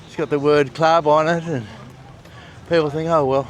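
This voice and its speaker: A man's voice: a little high, steady tone, normal speed. An Australian man narrating a casual travel vlog outdoors on a coastal walk, chatty and wry with friendly asides. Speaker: travel vlogger. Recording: noisy outdoor street recording. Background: traffic and outdoor ambience.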